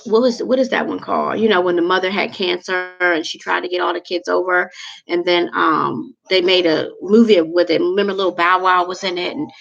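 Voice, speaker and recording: A woman's voice: fairly low pitch, fairly even intonation, brisk, creaky, fairly bright tone. A woman hosting a livestream, giving heartfelt, preachy advice to her viewers in a casual talk. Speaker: livestream host. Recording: dull lo-fi recording.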